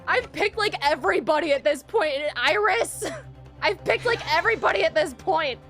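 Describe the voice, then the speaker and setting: A young woman chats through a courtroom game for her stream, giggling often and sounding flustered. Her voice sits high and swoops widely as she talks. Faint game music plays underneath. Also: animated, moderate pace, a bit bright. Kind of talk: casual let's-play commentary.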